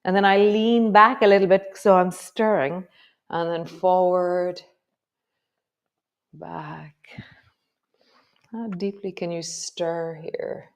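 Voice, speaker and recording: A woman teaching a yoga class, giving calm, slow movement cues with soft trailing words. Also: lowish voice, clean tone. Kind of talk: guided yoga class instruction.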